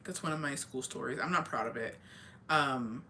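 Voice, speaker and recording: Bright-voiced young woman, blunt and profane. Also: a bass voice, moderate pace, a little hiss or hum. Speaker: streamer. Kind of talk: casual storytelling.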